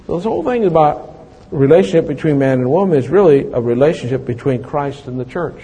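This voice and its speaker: A man's voice: a little high, lively intonation, a little fast, mellow, slightly rough. A man in his late fifties preaching a sermon, mixing scripture reading with folksy, self-mocking stories. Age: 50s. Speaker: pastor. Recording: long hall reverb.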